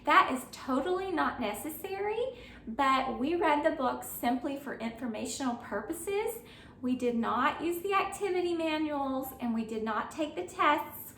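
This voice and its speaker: Woman, homeschool mom reviewing a curriculum: earnest, encouraging, high voice, echoey room a little off-mic. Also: expressive, a little slow, fairly bright tone, distant mic, slight background noise. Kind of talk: friendly review talk to camera.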